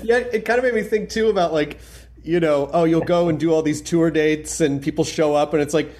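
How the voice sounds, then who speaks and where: High-voiced enthusiastic podcast host. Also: male voice, brisk, darkish tone. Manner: enthusiastic, filler-heavy, lots of "like". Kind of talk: casual podcast chat.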